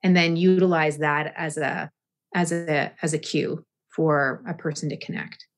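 Woman guest, yoga movement teacher, measured and deliberate delivery, slightly low pitch. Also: steady tone. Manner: slow, deliberate, with restarts. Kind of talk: thoughtful interview answers.

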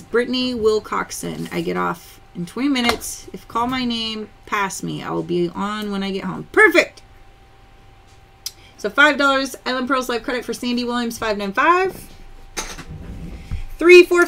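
A woman's voice: fairly high pitch, vocal fry, pushed and bright, slight background noise. A woman hosting a live-stream sale, chatty, greeting viewers by name and counting items aloud. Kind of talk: live-stream sales chat.

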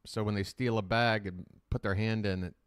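A man's voice: fairly low pitch, steady tone, moderate pace, smooth, dry recording, clean studio sound. A man hosting a live reaction stream, rambling in casual, profane commentary.

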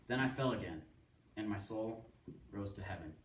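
A man reading a first-person poem aloud as a student, in a steady, earnest storytelling delivery. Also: fairly low pitch, moderate pace. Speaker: student reader. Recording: echoey room, voice from far off.

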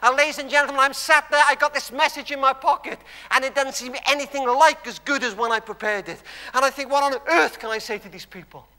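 A man preaching a sermon in a church, telling stories emphatically and dropping to hushed tones. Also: very high-pitched, fast talker, hardly any pauses. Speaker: guest preacher. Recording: long church hall reverb.

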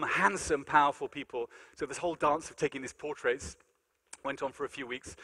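A man giving a lecture in a large conference hall, telling animated, self-deprecating stories. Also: a little high. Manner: animated, self-deprecating anecdotes, many fillers. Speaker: keynote lecturer. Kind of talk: storytelling lecture with acted-out dialogue.

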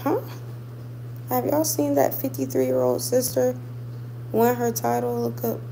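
A woman's voice: fairly high pitch, very animated, a little slow, gravelly, mellow, a little hiss or hum, low-quality recording. A woman boxer chatting casually with her viewers, emphatic and repeating points for stress. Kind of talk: casual livestream chat with viewers.

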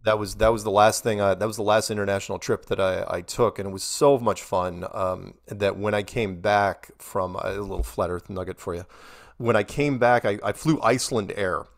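A man's voice: on the low side, steady tone, normal speed. A middle-aged American man, a guest in an interview, telling long rambling stories with quoted dialogue and frequent restarts. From United States. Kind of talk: casual storytelling interview.

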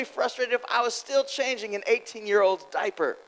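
A man preaching a sermon at a church conference, animated, swinging between loud exclamations and quiet asides, quick and repeating himself. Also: extremely high pitch, rough recording. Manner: quick, with repeated words and restarts. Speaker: guest preacher.

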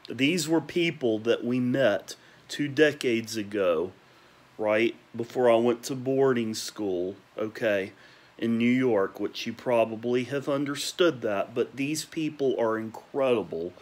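A young man at home at night, ranting emotionally about people he misses and repeating warm praise, sometimes talking quietly. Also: mid-range voice. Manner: emotional, repetitive, listing names with gushing praise; talking quietly at times because parents are asleep. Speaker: vlogger. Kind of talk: nostalgic rant to camera.

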